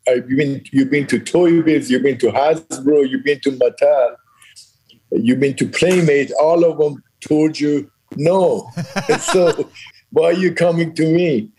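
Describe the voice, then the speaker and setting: A man's voice: medium pitch, steady tone, unhurried, dark tone, a little hiss or hum, low-quality recording. An older man, a company founder, telling business stories in an interview, acting out quoted dialogue with frequent laughs. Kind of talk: storytelling in a conversational interview.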